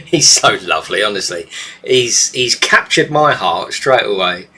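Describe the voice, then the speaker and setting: A gaming YouTuber chats casually on a live stream from his desk at home, rambling on and breaking into a high coo when he talks to his pet bird. His pushed, bright voice has lively intonation and a measured pace. The desk microphone picks up slight background noise.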